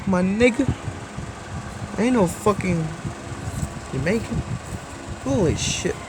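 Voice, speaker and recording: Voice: mid-range voice, lively intonation, slow pace, background noise. A vlogger talking in a casual, rambling way, swearing constantly and giggling between lines. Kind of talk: casual rambling vlog talk.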